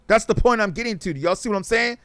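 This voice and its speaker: A man's voice: high voice, fast, a bit bright, no room sound. A man hosting a talk show on a livestream, chatting casually in a rambling, profane and emphatic way.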